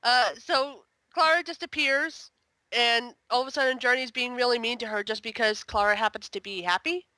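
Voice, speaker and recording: A woman chatting casually as a guest on a review podcast, exasperated and full of quick asides. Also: a little high, sharp tone, no room sound.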